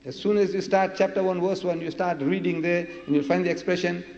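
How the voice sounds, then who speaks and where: Recorded lo-fi in an echoey hall, this man's voice sits high yet has a darkish tone, level and brisk. Lecturing publicly on religion, he speaks emphatically, poses rhetorical questions, and repeats his main words for effect.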